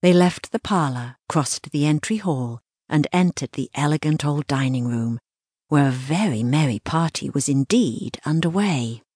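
A woman narrates a children's audiobook in a measured, storytelling way. Her voice is low and slightly husky. The recording is close and dry. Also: animated, a little mellow, no echo.

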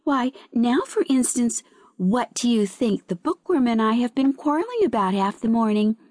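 A woman's voice: normal speed, no room sound, studio quality. A woman doing a chirpy, mocking seaweed. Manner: lively, high-pitched, lilting. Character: chatty, mocking seaweed, quick to laugh.

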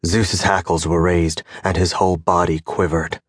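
Male audiobook narrator, lowish voice, measured storytelling, dry close studio sound. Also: flat delivery, no room sound. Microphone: close studio mic.

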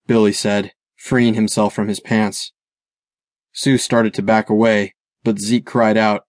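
A man narrating a dark thriller audiobook in a steady, measured read. His voice sits low, and the recording is dry and close with no room sound. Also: no echo. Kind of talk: scripted narration.

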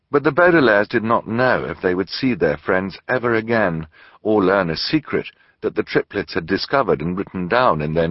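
Husky theatrical male storyteller. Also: fairly low pitch, no echo, muffled recording. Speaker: audiobook narrator. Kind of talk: scripted narration.

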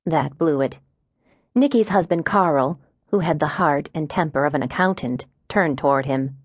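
A woman with a low voice reads a novel aloud in first person. Her storytelling is measured and wry. The recording is dry and close, with no room sound. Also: dry recording. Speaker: audiobook narrator. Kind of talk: scripted first-person narration.

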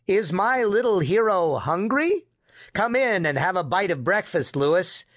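A man's voice: high-pitched, big pitch swings, a little slow, a bit bright, full character voice. A man doing a bustling old grandmother. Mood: fussing. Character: older grandmother, warm and bustling.

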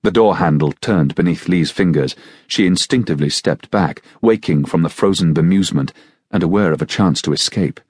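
A man narrating an audiobook in a measured, steady storytelling manner. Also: deep voice, husky, no room sound, studio quality. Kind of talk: scripted narration.

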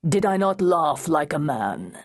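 A woman's voice: low-pitched, big pitch swings, exaggerated voice. A woman voicing a cold, cryptic unseen spirit. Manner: slow, quiet, drawn-out menace. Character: mysterious powerful male spirit, cold and cryptic. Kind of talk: audiobook character voicing.

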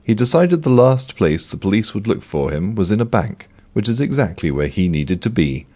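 Deep-voiced man narrating a comic audiobook. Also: sing-song, moderate pace, dark tone.

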